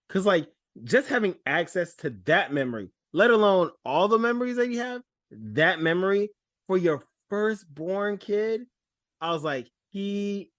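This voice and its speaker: A man's voice: high voice, animated, normal speed, a bit bright, no room sound, clean studio sound. A man co-hosting a podcast in casual chat, reacting playfully and laughing often. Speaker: podcast co-host.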